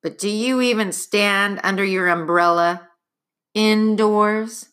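A woman voicing a gruff, suspicious male ship's cook with blunt, folksy speech. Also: medium pitch, fairly even intonation, slow pace, fairly bright tone.

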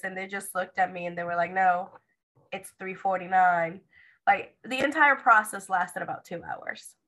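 A woman's voice: mid-range voice, rough recording. A young woman casually telling viewers the story of giving birth, acting out what the nurse and doctor said. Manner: animated retelling, acts out quoted dialogue. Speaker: mother sharing her birth story.

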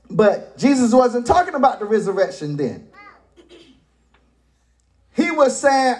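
A man pastor preaching a sermon, retelling scripture in folksy paraphrase and breaking into shouted emphasis. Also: very high-pitched, very animated, measured pace, long pauses.

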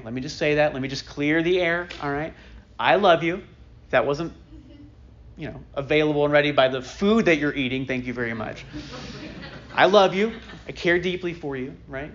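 A man in his thirties delivers a sermon like he's chatting with friends, full of asides and "right?" check-ins. His voice sits a bit high for a man. The recording is muffled and lo-fi. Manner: conversational, self-deprecating storytelling with frequent "like" and "right?". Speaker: pastor.

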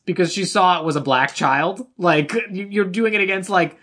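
Brief: man, podcast co-host, chatty plot recap, slips into quick voices for characters. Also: high voice, fairly bright tone. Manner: rambling storyteller, acts out characters' lines. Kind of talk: casual movie recap chat.

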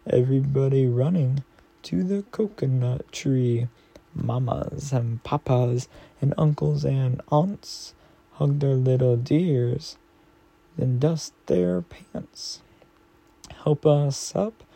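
A man talking softly and affectionately to a partner and reading a children's storybook aloud at bedtime. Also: mid-range voice, gravelly. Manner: gentle, affectionate, slow reading.

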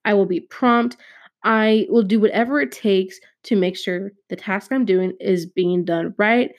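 A woman's voice: medium pitch, measured pace, highs cut off. Rambling teen girl podcaster. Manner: rambling, filler-heavy, self-deprecating. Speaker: podcast host. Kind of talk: casual solo podcast chat.

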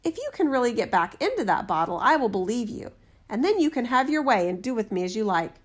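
A quick-witted young man who answers a giant without fear, bright and lifted in tone, as a woman reads him. Storybook telling, brisk and sure of himself. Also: very animated. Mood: bold. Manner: brisk, higher, fearless. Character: bold, clever young male student. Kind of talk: storybook reading.

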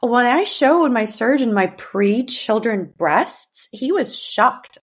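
A woman in her thirties hosts a podcast, delivering a candid personal monologue about her family full of restarts and fillers. Her husky voice is on the high side with lively intonation, and she speaks slowly.

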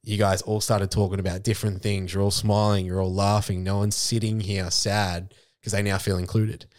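Deep voiced aussie bloke, laid back storyteller, swears a bit, dry close sound. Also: male voice, level tone, normal speed, a little mellow, no room sound. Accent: Australian. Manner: storytelling, acts out quoted voices, casual swearing. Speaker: charity CEO and mental health educator. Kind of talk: casual podcast chat.

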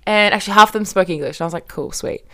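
A young woman hosts a casual chat and tells a wild travel story, acting out everyone's lines and swearing as she goes. Her voice is smooth and clear, at an ordinary pitch. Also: very fast. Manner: lively, swears often, acts out quoted speech. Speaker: podcast host.

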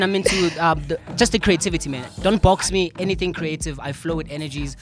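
A South African man, a guest artist, chatting casually in a radio studio with a lively, boastful manner. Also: on the high side, fast. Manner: lively, boastful, mixes in Zulu phrases.

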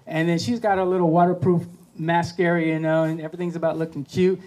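A man hosting a podcast, telling a motivational story in a lively, animated way and acting out the voices. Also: on the high side, quick pace. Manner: animated, acts out voices, laughs at his own story. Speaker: podcast host.

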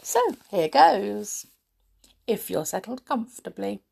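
A woman reading a children's story aloud, expressive, with dramatic hushes and gasps. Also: medium pitch, slow pace, creaky, breathy edge.

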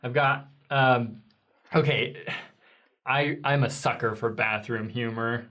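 Relaxed man in a casual chat. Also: mid-range voice, slow pace.

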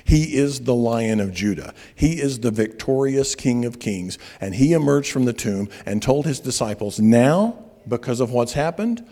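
A man preaching a sermon, telling stories and slowing down on key words for emphasis. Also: mid-range voice, dark tone. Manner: storytelling preacher, slows for emphasis. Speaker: pastor. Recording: long reverb of a large hall.

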